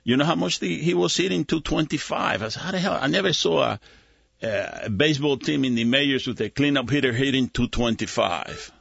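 Gravelly older man. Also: medium pitch, brisk, fairly bright tone, no room sound, muffled recording. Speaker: guest, host's father. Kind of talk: casual radio chat.

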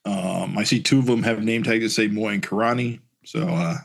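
A man co-hosting a podcast, reading comic narration aloud in a casual, halting way with fillers and restarts. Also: lowish voice, fairly even intonation, gravelly.

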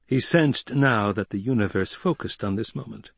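Husky male audiobook narrator. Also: fairly low pitch, normal speed, dry recording. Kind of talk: scripted narration.

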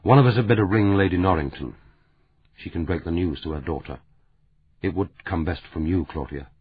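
A man's voice: sits low, brisk, breathy edge. A man voicing a practical, considerate man who explains things patiently. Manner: reasoned and patient. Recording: narrow phone-like audiobook sound.

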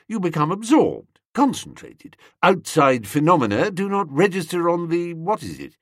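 A man reading a comic novel aloud in a wry, animated storytelling manner. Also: on the high side, dry recording, studio quality. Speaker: audiobook narrator. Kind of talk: scripted comic novel narration.

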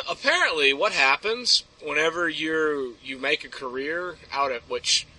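Bright-voiced man ranting on a podcast. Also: on the high side, animated, a little slow, poor audio. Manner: profane, ranting, rambling. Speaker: podcast guest. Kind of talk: casual chat, storytelling.

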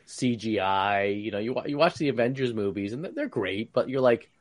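A man co-hosting a podcast, talking in an animated way with many restarts. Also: fairly low pitch, moderate pace, dry recording. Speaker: podcast co-host. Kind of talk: casual chat.

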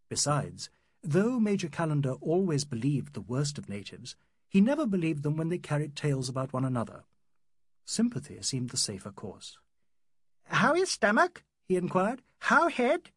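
Husky-voiced man narrating an audiobook. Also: mid-range voice, sing-song, moderate pace, a little mellow, no room sound, clean studio sound. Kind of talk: audiobook narration of a classic novel.

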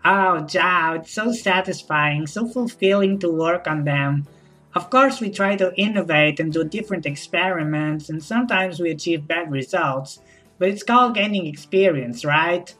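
A woman's voice: lowish voice, moderate pace, a bit bright, faint music behind, poor audio. Eager woman talking in buzzwords. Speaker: sketch actor playing a corporate-speak wife. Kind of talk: comedy sketch acting.

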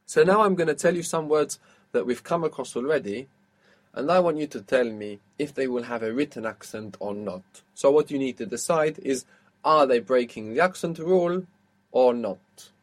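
A man's voice: mid-range voice, moderate pace. A man teaching a one-on-one language lesson, patiently explaining step by step and quizzing his student.

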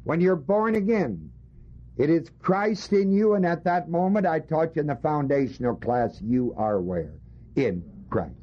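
In an unhurried sermon, a man with a fairly high voice and lively intonation teaches his congregation from a Bible passage. He is emphatic and likes rhetorical questions; the recording has a dull lo-fi quality.

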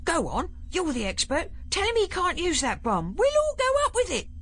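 A blunt young man talks back with defiance, as a woman narrator puts him on in a storybook reading. His voice jumps high with lively swings. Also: normal speed, heavily acted. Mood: defiant. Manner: blunt, challenging.

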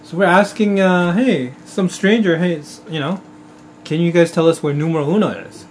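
High-voiced man hosting a casual chat. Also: normal speed, slight background noise. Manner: probing questions, soft back-channel hums. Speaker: host.

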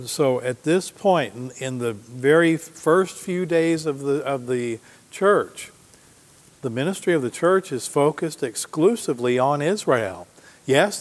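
Male preacher, mid-range voice, teaches verse by verse and quizzes the congregation; long hall reverb. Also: medium pitch. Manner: teaching Bible verses, reading scripture aloud with emphasis; asks the congregation questions. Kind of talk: sermon. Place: church sanctuary.

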